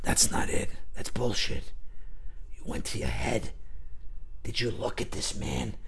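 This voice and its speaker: Guy doing a stern gruff acting coach, low and hushed, bossy. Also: very animated, measured pace, very noisy, heavily acted. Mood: scolding. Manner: low, stern, clipped scolding. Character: harsh gruff male acting teacher, stern.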